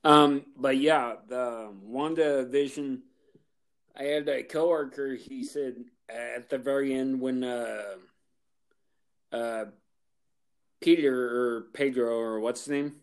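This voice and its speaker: A man's voice: mid-range voice, steady tone, slow pace. A man co-hosting a podcast, chatting casually in an easygoing way. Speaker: podcast co-host. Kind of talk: casual chat.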